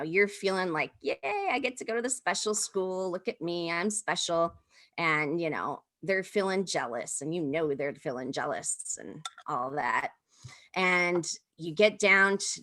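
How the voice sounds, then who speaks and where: A woman's voice: fairly low pitch, bright, forceful tone. A woman pastor leading listeners through a vivid second-person story in an intimate, conversational way, speaking over a video call. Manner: intimate, vivid, with many fillers.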